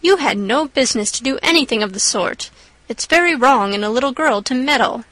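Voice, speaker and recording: A woman's voice: sits high, lively intonation, a little fast, fairly bright tone, dry recording. A woman reading the part of a stern older woman who scolds a child.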